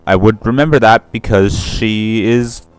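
A man's voice: lowish voice, unhurried, clean tone, no echo. Rambling, profane young gaming commentator man. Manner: rambling, profane, self-correcting. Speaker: let's play commentator. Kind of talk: casual rambling gameplay commentary.

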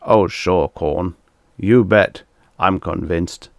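A man's voice: sits low, slow, gravelly, no room sound, studio quality, heavily acted. A man voicing a glum, reluctant alien male lieutenant who grunts grudging answers in a storybook reading.

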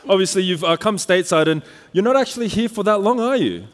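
A man's voice: sits high, animated, fast talker. An Australian man hosting a live launch event, playful and upbeat as he drives the audience along. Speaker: event host. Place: large conference hall. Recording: reverberant conference hall.

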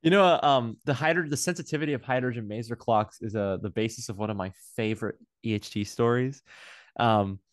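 A playful man tells stories in an animated, casual way. His voice sits in an ordinary middle range and is recorded dry and close, with no room sound. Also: mid-range voice, fairly quick, no room sound. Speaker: astronomy researcher. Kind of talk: casual conversation.

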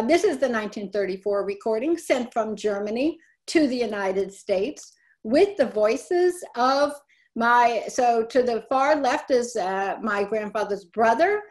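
A middle-aged woman presenting a webinar talk, speaking conversationally and often correcting herself. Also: a little high. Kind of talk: webinar talk on family papers.

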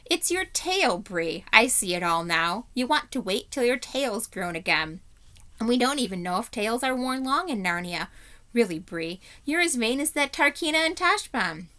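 A woman voicing a gentle, earnest talking mare in a storybook, speaking frankly in a raised, lighter voice. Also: fairly high pitch, sing-song, normal speed, voice pushed up.

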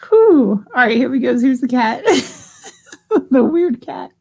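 Chatty woman running a live crystal sale, kinda high and gravelly, laughs a lot. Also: animated, a little slow, mellow. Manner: giggly, chatty, reads out bids. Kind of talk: casual live-stream auction chat.

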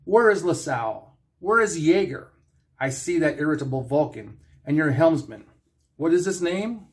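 A flamboyant godlike aristocrat speaks in a high, sing-song voice, as a man puts him on, haughty and childish. His lines come out theatrical and lilting. It is a fan story reading. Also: lively intonation, moderate pace, close to an everyday voice. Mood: taunting.

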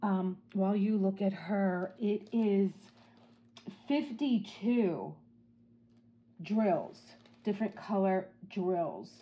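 Woman doing a craft unboxing at home, slow and unhurried, keeps gushing and going oh my god, phone on a tripod. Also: medium pitch, dull audio. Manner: gushing, excited, softly exclaiming. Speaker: crafting channel host. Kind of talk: casual unboxing vlog.

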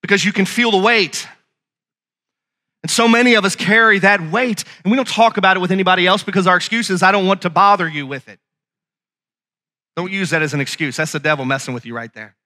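A male pastor preaching a sermon with passion, asking his congregation questions and rising to shouts. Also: sits high, fast.

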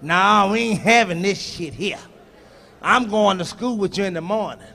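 A woman's voice: mid-range voice, moderate pace, a bit bright, in a large hall. A male comedian voicing his indignant, protective middle-aged aunt who is ready to confront a bus driver. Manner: defiant, threatening.

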